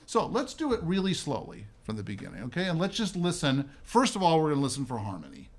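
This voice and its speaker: A man's voice: on the high side, huge pitch swings, fast. Chatty man coaching a string group. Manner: chatty, sings phrases, frequent "right?" and "okay?". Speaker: violin workshop leader. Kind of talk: hands-on music coaching. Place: room with musicians playing.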